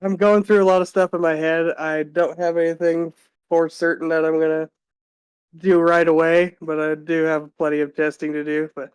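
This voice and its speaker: A man with a fairly high, smooth, clear voice chats in a relaxed, easygoing way on a racing stream. The recording is dry and close, with no room sound. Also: normal speed, no room sound. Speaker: racing series organizer, guest. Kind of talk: casual live-stream chat.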